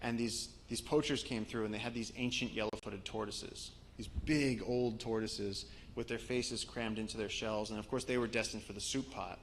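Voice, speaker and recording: A man with a low, gravelly voice tells stories to a live audience as a guest speaker. He speaks in loose, conversational anecdotes and often restarts his sentences. Faint noise sits under his voice. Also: steady tone, moderate pace, hardly any pauses, low-quality recording. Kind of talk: storytelling talk to a live audience.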